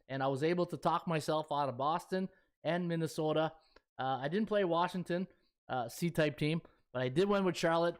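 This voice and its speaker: A man hosting a sports betting podcast, chatting in a folksy way with lots of fillers. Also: fairly high pitch. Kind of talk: casual chat.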